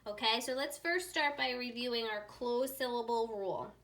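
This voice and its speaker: A woman teaching a phonics lesson to young readers, slowly sounding out letters and syllables in an upbeat way. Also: on the high side, a bit bright, far from the mic. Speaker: reading teacher.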